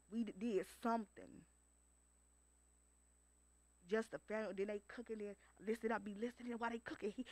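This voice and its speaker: A woman remembering her late father at a funeral, telling stories in a casual, lively way. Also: fairly high pitch, no echo. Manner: casual, animated storytelling with laughs. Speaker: eulogy speaker, daughter of the deceased. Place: funeral home.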